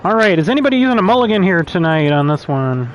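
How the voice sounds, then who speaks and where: A man's voice: high voice, sing-song, fast, dull audio, a little hiss or hum. A man hosting an online racing league, calling roll over a headset in an easygoing, joking way. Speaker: race league host. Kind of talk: casual voice chat roll call.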